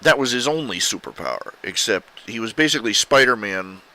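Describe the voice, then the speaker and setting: Rambling low-voiced man full of fillers. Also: animated, brisk, bright, forceful tone, poor audio. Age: middle-aged. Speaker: artist showing his commissions. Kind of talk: casual rambling commentary.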